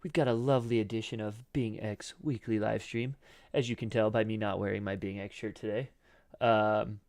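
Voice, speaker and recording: Gravelly-voiced man rambling over charts. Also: lowish voice. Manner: rambling, loose and profane, many fillers. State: throat scratchy, clearing it often. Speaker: crypto trading streamer. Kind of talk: casual live-stream chart commentary.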